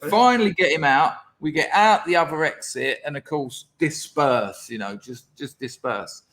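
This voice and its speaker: A man as a podcast guest, telling a lively school anecdote in casual chat, laughing as he goes. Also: fairly high pitch, normal speed. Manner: animated, laughing anecdote teller.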